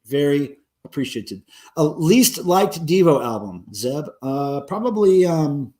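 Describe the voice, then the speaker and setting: A man's voice: fairly high pitch, very animated, takes it slowly, a little mellow. A man hosting a casual livestream, rambling and answering viewer comments with lots of ums and uhs. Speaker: livestream host.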